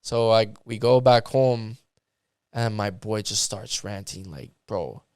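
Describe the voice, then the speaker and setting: A man from Canada, a musician guest, telling a story in casual chat, animated and full of "like". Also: lowish voice, slow. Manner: animated, filler-heavy with lots of "like".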